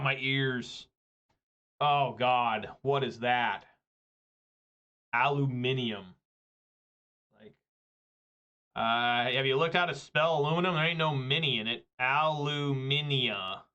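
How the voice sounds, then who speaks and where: A man's voice: mid-range voice, unhurried, bright, forceful tone, dull audio. A man, rambling and joking through casual gameplay commentary. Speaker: gaming video creator.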